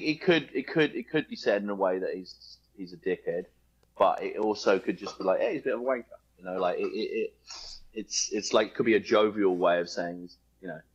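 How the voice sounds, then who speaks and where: A man talks in a husky, slightly low voice. He rambles through loose, joking explanations and swears casually. The tone is an informal podcast conversation. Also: muffled recording. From United Kingdom. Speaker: guest, home builder.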